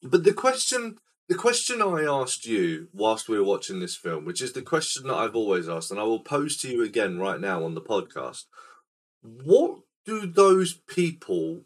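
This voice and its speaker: A man hosting a casual film podcast, retelling scenes in a rambling, animated way. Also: medium pitch, moderate pace. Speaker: podcast host.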